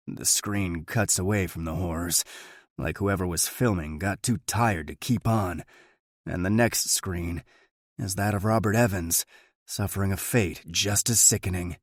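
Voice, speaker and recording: A man narrating a thriller audiobook in the first person, steady and measured. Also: low voice, no echo, clean studio sound.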